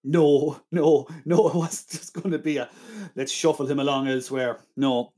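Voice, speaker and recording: A man with a somewhat high voice debates a film in casual chat. He praises it with enthusiasm and pushes back firmly when challenged. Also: little pitch movement, normal speed, dark tone. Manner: enthusiastic, argumentative.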